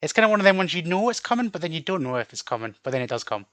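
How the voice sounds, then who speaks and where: A man co-hosting a casual film podcast, blunt and quick to argue. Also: a little high, big pitch swings, fairly bright tone, no echo. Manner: blunt, argumentative. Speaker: podcast co-host.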